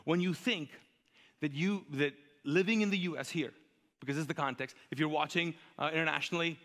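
High, bright-voiced preacher in a hall. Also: male voice, fairly quick. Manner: animated, joking preacher who gets louder and higher while telling a story. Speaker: pastor. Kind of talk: sermon. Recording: reverberant hall.

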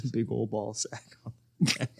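Gravelly, joking man podcast co-host. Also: lowish voice, fairly even intonation, no room sound, clean studio sound. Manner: reactive, quick to joke and laugh, frequent "wow" and "like". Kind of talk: casual chat.

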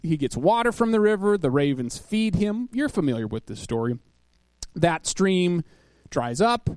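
A man's voice: sits high, very animated, normal speed, darkish tone, no room sound. A man preaching a sermon in a conversational way, asking his listeners questions and reading scripture aloud. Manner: conversational, asks the audience questions.

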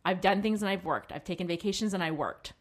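A woman's voice: lowish voice, quick pace. A middle-aged woman hosting a casual chat, candidly telling a personal story and quoting her husband. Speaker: podcast co-host.

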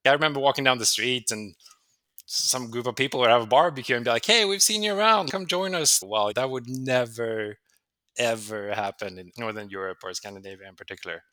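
Swede telling stories, bright dry voice. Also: male voice, mid-range voice, fairly quick, no room sound. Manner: animated, acts out quoted voices. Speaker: interview guest. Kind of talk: conversational storytelling.

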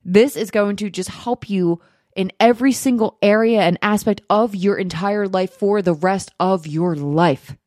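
A woman's voice: mid-range voice, a little slow, a little mellow, dry recording, studio quality. A woman giving upbeat, chatty self-help advice straight to her viewers, laughing often. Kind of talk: encouraging direct-to-camera talk.

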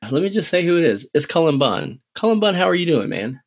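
A man hosting a podcast interview, excitable and rambling, often breaking into laughter. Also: fairly high pitch, fast, lo-fi sound. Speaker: podcast host. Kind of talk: casual interview chat.

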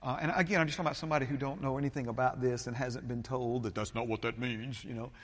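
A man, a pastor preaching a sermon, talking haltingly with many fillers and restarts. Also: mid-range voice, steady tone, a bit bright, big-room sound.

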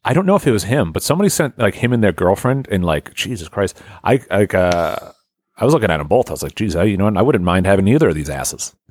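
A man's voice: low voice, big pitch swings, fast talker, a little mellow, no echo. A man co-hosting a podcast, joking crudely in casual banter and laughing often. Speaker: podcast co-host.

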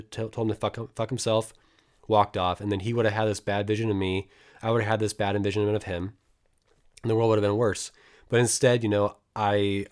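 A young American man tells a travel story in a casual, rambling way. His voice sits fairly low. He swears freely, restarts sentences often and acts out what people said. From United States. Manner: rambling, profane, animated retelling with many restarts.

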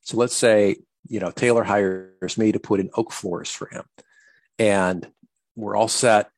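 Low gravelly man coaching. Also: steady tone, unhurried, no room sound. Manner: earnest, acts out sample dialogues with clients. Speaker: business coach. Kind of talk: instructional talk on client communication.

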